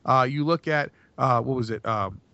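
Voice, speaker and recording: A man's voice: medium pitch, moderate pace, sharp tone, no room sound. A man co-hosting a podcast in casual chat, rambling with many restarts and fillers. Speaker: podcast co-host. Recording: dry, dull lo-fi podcast mic.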